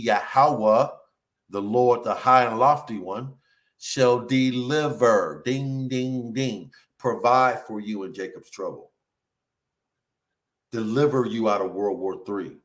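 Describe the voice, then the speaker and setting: A man preaching a sermon, reading scripture verse by verse and breaking in with emphatic remarks of his own. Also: lowish voice. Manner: emphatic, interjects remarks between quoted verses.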